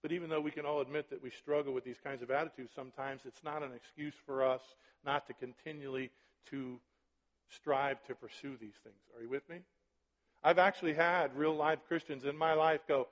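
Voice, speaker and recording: A male pastor preaches in a casual, back-and-forth style, tossing "right?" and "are you with me?" at his congregation. His voice sits slightly high for a man and rings out with a long hall echo. The recording is a little dull and muffled. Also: fairly even intonation, a little fast. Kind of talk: sermon.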